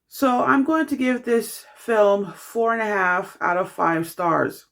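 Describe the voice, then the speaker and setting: A young adult film reviewer reading a scripted review in a measured, steady way, with the odd filler. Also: mid-range voice, creaky.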